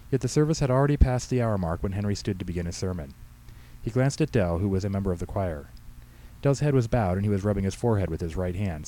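A man reads his own humorous story aloud with a brisk, wry delivery. His voice is low and mellow, and he moves through the text at a fast clip. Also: low-quality recording. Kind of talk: storybook narration.

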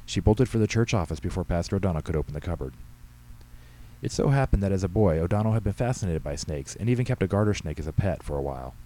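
A man, the author, reading his own short story aloud in measured storytelling narration. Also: low-pitched, lively intonation, dark tone, rough recording. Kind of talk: scripted narration.

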